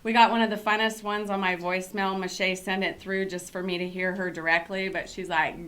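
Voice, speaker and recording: A woman's voice: fairly low pitch, flat delivery, normal speed, few pauses, a bit bright. A middle-aged woman hosting a casual talk show, chatty and upbeat, with many fillers. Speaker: show host and company CEO.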